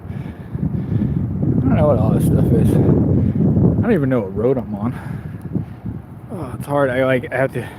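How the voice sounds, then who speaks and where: A man's voice: medium pitch, very animated, measured pace, pauses often. A man streaming live while riding a bike through town, rambling and self-deprecating with frequent laughs. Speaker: bike shop owner and vlogger. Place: outdoors on town streets with passing traffic. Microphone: camera on the rider, action camera. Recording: outdoor street noise from traffic. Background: traffic and street sounds.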